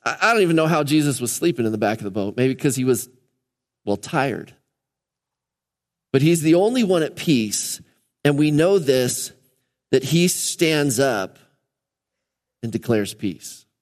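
A man's voice: medium pitch, expressive, measured pace, long pauses. A male pastor giving a conversational sermon, acting out quoted voices as he talks to the congregation. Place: church sanctuary. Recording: long church hall reverb.

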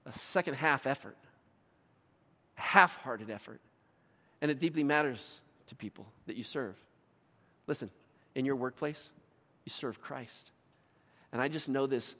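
A man's voice: mid-range voice, sharp tone. A middle-aged man preaching a sermon as pastor, telling stories with voiced asides. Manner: storytelling with voiced asides and laughs. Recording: long reverb of a large hall.

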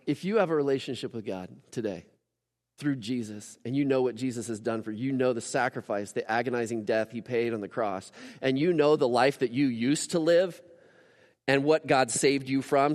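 A man preaching a casual, animated sermon as a pastor, with lively asides to the congregation. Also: medium pitch, moderate pace, long reverb tail. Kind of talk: conversational sermon.

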